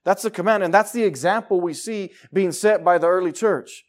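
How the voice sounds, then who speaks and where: A man with a high-pitched voice preaches a sermon with fervour. He drops to a near hush, then builds to loud, emphatic declarations. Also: a little fast, hardly any pauses. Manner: fervent, swinging from quiet to loud.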